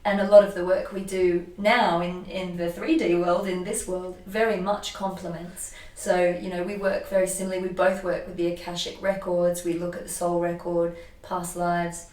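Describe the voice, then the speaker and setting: A woman energy healer telling a personal story in an animated, emotional way, often restarting her sentences. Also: lowish voice, moderate pace, few pauses. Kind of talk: casual conversation, personal storytelling. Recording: echoey room, voice from a distance.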